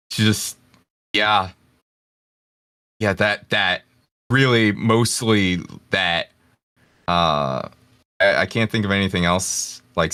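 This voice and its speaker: A man with a very deep voice and a bright, forceful edge answers questions on a podcast. He halts often and restarts his sentences mid-thought. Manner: halting, stumbles and restarts. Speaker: ASMR voice actor. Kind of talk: casual podcast discussion.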